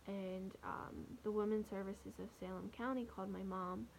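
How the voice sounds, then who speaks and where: A young woman telling a personal story to the camera, speaking softly and haltingly with many pauses. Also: medium pitch, steady tone, gravelly, slight background noise, rough recording. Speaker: vlogger.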